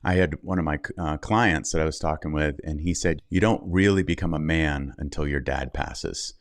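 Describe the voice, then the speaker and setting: A man's voice: extremely low pitch, normal speed, no echo, clean studio sound. A middle-aged man, a podcast guest, telling a personal story candidly and acting out the things people said. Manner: candid, animated storyteller who acts out quotes. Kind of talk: interview storytelling.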